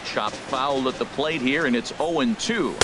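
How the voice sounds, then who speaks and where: A man calling play-by-play with a brisk, even call of each pitch. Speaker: play-by-play announcer. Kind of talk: play-by-play commentary. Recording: game audio over crowd noise.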